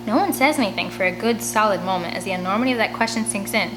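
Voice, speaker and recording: A woman's voice: medium pitch, fast talker, few pauses. Woman reading a kids' book aloud. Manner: expressive storytelling, chatty asides. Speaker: audiobook reader. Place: home room by a large window. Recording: steady background hum.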